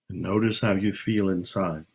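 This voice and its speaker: An older man speaking slowly and calmly, leading a guided meditation with long pauses. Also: mid-range voice. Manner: slow, calm, soothing, with long pauses. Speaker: self-help speaker. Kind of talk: slow guided meditation talk.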